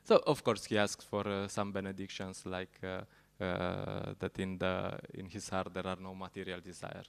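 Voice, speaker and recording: A man giving a sermon at a temple program, telling stories in a halting way and laughing at his own jokes. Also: low voice, monotone, gravelly, clean tone.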